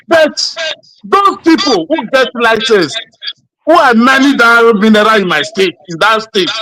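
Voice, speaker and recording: A Nigerian man in a heated political debate, exasperated and forceful. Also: high-pitched, low-quality recording.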